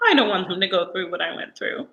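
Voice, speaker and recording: Woman guest on a video call, bright tone, hesitant and tearful. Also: mid-range voice, animated, fast talker, muffled recording. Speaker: teacher and interview guest. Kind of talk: personal interview.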